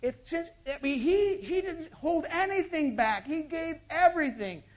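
Preacher swinging from loud to hushed. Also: high-pitched, lively intonation, unhurried. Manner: swings between loud emphatic bursts and hushed intimate asides; peppers talk with rhetorical questions to the congregation. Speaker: pastor. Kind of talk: sermon.

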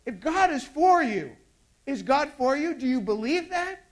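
In a high, very animated voice kept to a measured pace, a pastor delivers a sermon that shifts from loud, emphatic moments to hushed, intimate ones. He puts rhetorical questions to the congregation along the way.

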